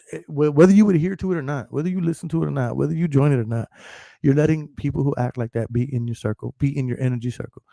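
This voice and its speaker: In clean studio sound with no room sound, a podcast host with a slightly high, gravelly, mellow voice rambles through a casual, profane rant. He laughs a lot and repeatedly says "you know what I'm saying."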